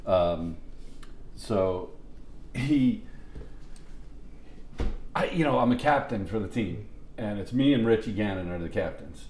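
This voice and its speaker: A man's voice: on the low side, animated, slow, long pauses, a little mellow, reverberant, a little hiss or hum. A middle-aged man telling long, rambling, profane stories to friends on a podcast, with restarts and laughter. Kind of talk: casual storytelling among friends.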